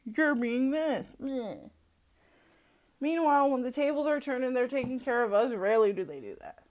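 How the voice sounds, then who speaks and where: Her voice sits high and moves a little fast as she runs her own podcast alone. It's a profane rant full of blunt swearing, frequent laughter, and lively, mocking storytelling about people.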